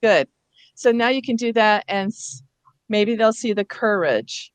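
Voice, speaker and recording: A woman's voice: medium pitch, measured pace, clear, resonant tone, dry recording. Woman presenter teaching phonics to teachers. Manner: explanatory, spells out letters and sounds. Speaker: reading workshop presenter. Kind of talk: teacher workshop instruction.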